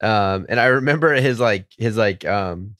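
A man guesting on a podcast, telling casual stories and often stopping to search his memory. He sounds halting, with frequent restarts. His mid-pitched voice is recorded dry and close. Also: lively intonation, a bit bright, no echo. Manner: hesitant, halting, many restarts. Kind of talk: casual storytelling.

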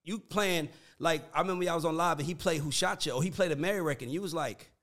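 A man in casual conversation, animated and profane, breaking into laughs as he talks. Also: on the high side, quick pace, hardly any pauses.

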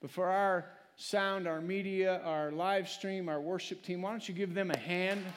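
High-voiced preaching pastor, man. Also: fairly even intonation, moderate pace, heavy background noise. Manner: emotional, swells from soft to loud preaching. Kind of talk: sermon. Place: church sanctuary. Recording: long hall reverb.

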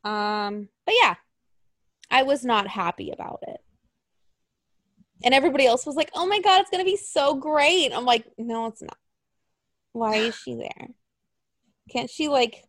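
A woman chatting casually as a co-host, animated and sarcastic, often laughing and acting out what others said. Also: fairly high pitch, a little slow, pauses often, no room sound, studio quality. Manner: animated, sarcastic, acts out quotes in exaggerated voices, laughs often. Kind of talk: casual chat.

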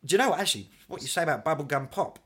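A man, a guest in a casual chat, telling stories in an animated, chatty way and laughing often. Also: fairly high pitch, rapid-fire, husky. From England.

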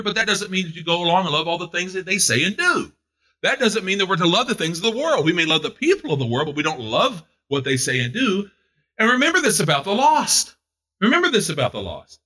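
A man preaching a fervent sermon, repeating his phrases for emphasis and building to loud exhortation. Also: high-pitched, very animated, a little fast.

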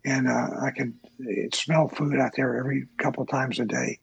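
Gravelly, husky older man. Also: mid-range voice, flat delivery, no room sound, lo-fi sound. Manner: slow, halting recollection with many uh fillers. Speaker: interviewee, former Navy pilot. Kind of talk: oral history interview.

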